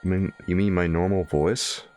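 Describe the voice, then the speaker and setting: A very low-voiced man chats casually through a late-night game stream, tired and a little mushy-headed. He banters and jokes with his viewers, and faint game music sits underneath. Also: fairly even intonation, normal speed, darkish tone. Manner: joking banter with chat, playful mock voices. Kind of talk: casual livestream commentary.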